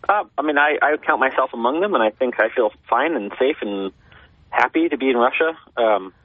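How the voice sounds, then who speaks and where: Fast-talking American man on a tinny phone line. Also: mid-range voice, dry recording. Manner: relaxed, good-humored, hedging. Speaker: embassy press secretary guest. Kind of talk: phone-in radio interview. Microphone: telephone.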